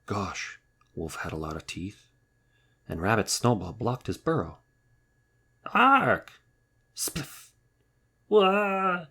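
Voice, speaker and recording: A man reading a children's storybook aloud in a wry, lively storytelling manner. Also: deep voice, a little slow, breathy edge. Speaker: narrator.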